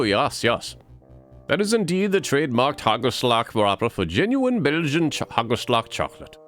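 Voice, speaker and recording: A man's voice: on the high side, a bit bright, voice pushed up. A man voicing an overeager male bird who owns a chocolate shop, speaking floridly in a put-on foreign accent.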